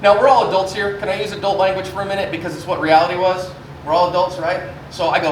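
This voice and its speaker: In a church meeting room, a man in his forties teaches a self-defense class, addressing a live group in a chatty, storytelling manner. His voice is high and quick, with little movement in pitch. The recording picks up room echo and faint noise from a distant mic.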